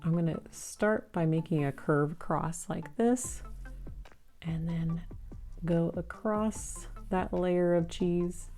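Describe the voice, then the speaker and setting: A woman giving a patient, gentle step-by-step drawing lesson for kids. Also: on the low side, vocal fry. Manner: slow, patient, gentle instructions. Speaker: art teacher.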